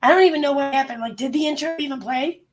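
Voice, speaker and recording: A woman live streamer, sick with a bad cold and clearing her throat, chatting bluntly and swearing freely as she greets her viewers. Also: sits high, fast. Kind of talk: casual livestream chat.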